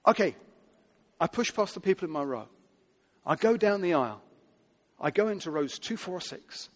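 A man preaching a sermon to a seated audience, earnest and building to loud, emphatic quotations. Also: sits high. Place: large hall with audience seating. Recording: long hall reverb.

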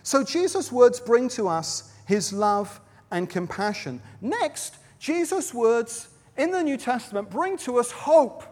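A man's voice: very high voice, expressive, slow pace. A man preaching a sermon at a baptism service, telling Bible stories dramatically. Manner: storytelling, dramatic quoting with shifts in loudness. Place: large venue with a platform. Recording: long reverb of a large hall.

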